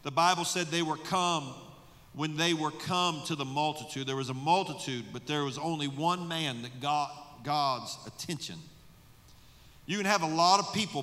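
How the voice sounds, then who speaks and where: A man's voice: on the high side, sharp tone. A man, a pastor, preaching at a midweek Bible study, emphatic and full of rhetorical questions to his congregation. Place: church sanctuary. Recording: long reverb of a large room.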